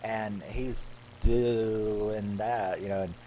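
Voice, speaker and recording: Retelling a horror film in a loose, rambling recap, this reviewer voices the characters' lines himself. He speaks very slowly with fairly even intonation in a lowish, dark voice, and the low-quality recording carries a little hiss or hum.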